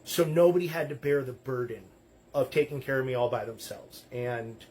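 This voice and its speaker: A man's voice: mid-range voice, moderate pace, darkish tone, a little hiss or hum. Man telling a raw personal story. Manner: candid, emotional, conversational with many fillers. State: close to tears. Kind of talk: personal story told to camera.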